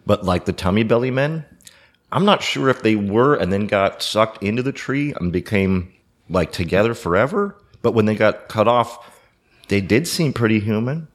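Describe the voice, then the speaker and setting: A man with a husky, somewhat low voice hosts a relaxed podcast conversation. His pitch moves around a lot as he jokes and laughs between remarks. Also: normal speed. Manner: animated, joking, laughs often. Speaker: podcast host. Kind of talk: casual chat over hot sauce tasting.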